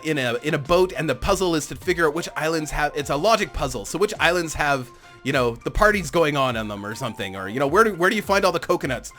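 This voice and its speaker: A man's voice: a little high, a bit bright. A man casually commentating on a management game he is playing, rambling and amused at himself, laughing often. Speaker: gaming channel host.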